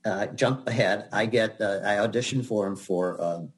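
A man's voice: on the low side, moderate pace. An older man, a guest actor, telling chatty anecdotes in an interview with laughs and restarts. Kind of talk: storytelling in an interview.

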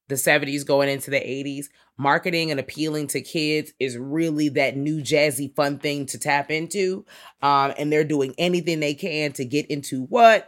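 A woman co-hosting a casual horror movie chat, sassy and slangy. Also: a bass voice. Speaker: podcast co-host.

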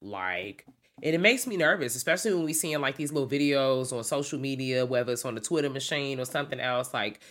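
A woman's voice: very deep voice, animated, fairly quick. An American woman co-hosting a casual podcast chat, talking in a slangy, profane and playful way. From United States. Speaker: podcast co-host.

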